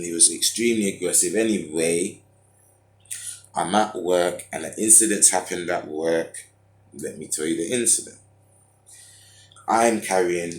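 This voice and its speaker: A low-voiced man recounts a personal story in loose, slang-heavy talk. He drifts between points and fills gaps with filler sounds. The recording has a strong echo from the room around him. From United Kingdom. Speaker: vlogger. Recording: echoey room.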